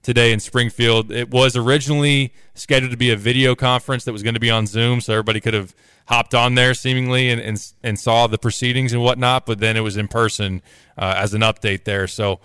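Smooth bright male radio host. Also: medium pitch, fairly quick, no echo, clean studio sound. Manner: steady, conversational, sing-song show intro. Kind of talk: casual sports radio chat.

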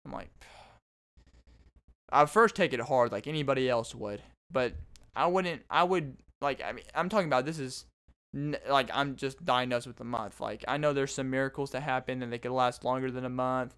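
A young man in his twenties with a smooth, resonant voice at an ordinary middle pitch. He hosts his own show and talks in a loose, rambling way, often stopping and restarting his sentences. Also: moderate pace, a bit bright. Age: 20s. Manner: rambling, self-interrupting storyteller. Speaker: podcast host. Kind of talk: casual solo monologue.

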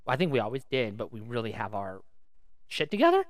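A woman's voice: very deep voice, wildly swooping pitch, fast talker, no room sound. A woman co-hosting a podcast in casual chat, rambling and restarting her sentences as she talks into a studio microphone. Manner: chatty and rambling, with many restarts. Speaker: podcast co-host.

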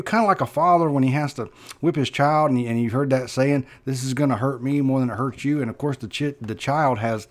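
A pastor preaching with earnest feeling, his voice at a middle pitch. He hammers key words louder, then falls to a hushed, slow close. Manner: earnest, emphatic preaching with sudden loud stresses and hushed drops. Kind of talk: sermon.

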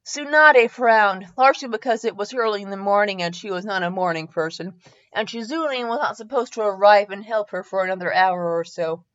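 A woman's voice: medium pitch, brisk, fairly bright tone, dull audio. A woman host reading fan fiction aloud in a comedic dramatic style, tripping over typos and correcting herself with asides.

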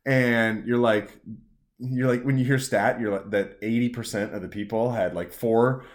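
A man's voice: mid-range voice, fairly even intonation, normal speed. A young man co-hosting a casual podcast chat, rambling and sarcastic, swearing freely. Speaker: podcast co-host.

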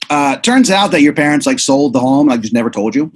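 Comedy host, male, husky and animated, rambles through an improvised scenario. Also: medium pitch, a little fast. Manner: rambling, many fillers and restarts. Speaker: podcast host.

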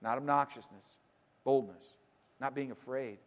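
A man preaching a sermon, emphatic, moving between loud declarations and quiet, conversational asides. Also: medium pitch, normal speed. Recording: long reverb of a large hall.

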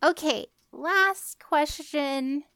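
Woman cohost explaining things slowly and thoughtfully, kinda high voice, dry mic. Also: no echo. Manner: thoughtful, explains step by step, soft-spoken trailing phrases. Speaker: podcast co-host. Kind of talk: casual spiritual chat.

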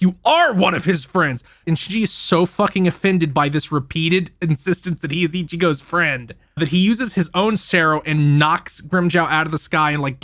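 A man hosting a podcast who casually recaps an anime, telling it in an animated, profane way. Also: a little high, no room sound, clean studio sound. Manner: animated, profane storytelling with frequent laughs. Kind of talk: casual chat.

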